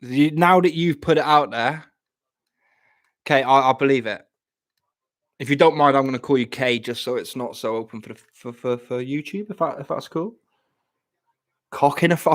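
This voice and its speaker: A young man from Plymouth, chatting casually on a live stream at home, often stammering and repeating words. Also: on the high side. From Plymouth, England.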